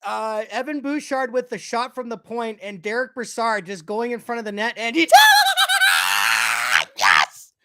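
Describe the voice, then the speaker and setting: A man giving casual play-by-play of a hockey game as a fan, excitable and quick to swear, breaking into shouts when his team scores. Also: extremely high pitch, slight background noise. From Canada. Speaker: fan commentator. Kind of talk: casual play-by-play watch-along.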